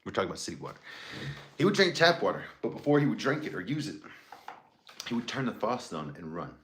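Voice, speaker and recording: A man's voice: mid-range voice, very animated, quick pace, a bit bright, slight background noise. A man chats on his livestream in a loose, rambling style, swearing freely and laughing between stories. His voice swings widely up and down while sitting mid-range. The sound has a roomy echo. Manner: profane, laughing, rambling banter. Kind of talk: casual livestream storytelling.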